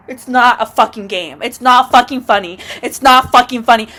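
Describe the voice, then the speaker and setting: A woman vlogger telling a storytime rant, dramatic and swearing constantly, swinging from loud outbursts to low mutters. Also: normal speed, few pauses.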